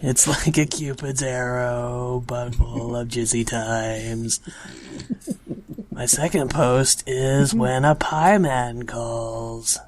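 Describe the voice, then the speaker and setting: A man on a comedy podcast reading out posts and dropping deadpan one-liners. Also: medium pitch, takes it slowly, slight background noise. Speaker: podcast guest. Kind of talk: casual comedy podcast chat.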